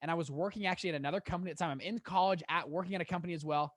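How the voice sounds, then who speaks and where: A young man in his twenties, a guest on a podcast, telling his story in a lively way with many restarts. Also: fairly high pitch, no echo, studio quality. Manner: animated, quick storyteller with laughs and restarts. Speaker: guest, fund manager. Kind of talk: casual storytelling in an interview.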